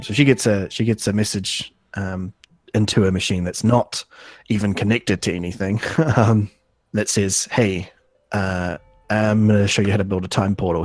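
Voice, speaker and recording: A man recapping an episode on a casual podcast, halting, full of ums and restarts, laughing often. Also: sits low. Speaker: podcast host.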